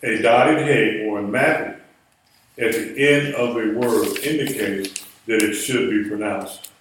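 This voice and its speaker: A man's voice: fairly low pitch, unhurried, a bit bright, slight background noise. A man teaching a Biblical Hebrew class in a classroom lecture style, patiently explaining rules and spelling words out letter by letter. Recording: echoey room, voice far from mic.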